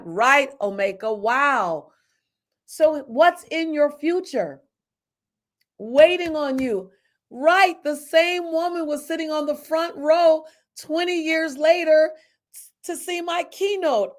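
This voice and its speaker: Brief: lively middle-aged woman speaker, fairly high voice, storytelling to her audience. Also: slow pace. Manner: animated, talks to listeners by name. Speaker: motivational speaker.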